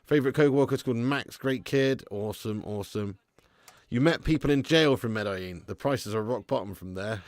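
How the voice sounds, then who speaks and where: On a dry recording, a man talks a little fast at medium pitch while hosting a football watch-along stream. In relaxed live-stream chat he laughs a lot, swears freely, and reads out what viewers send in.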